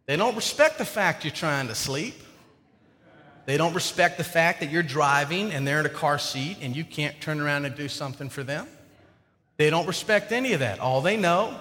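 A man's voice: a little high, animated, normal speed, sharp tone. A man preaching a sermon to his congregation in a church, conversational and joking with the people in front of him. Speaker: pastor. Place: church sanctuary. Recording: long hall reverb.

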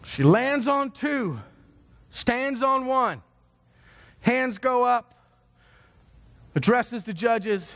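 A man telling a dramatic story to an audience in an animated preaching style, swinging between low, quiet moments and high, excited ones. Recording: long hall reverb.

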